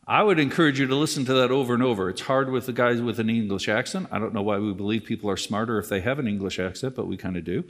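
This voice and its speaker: A pastor giving a conversational sermon with wry asides, repeating key lines for emphasis. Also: male voice, medium pitch, fairly bright tone. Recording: long reverb from the hall.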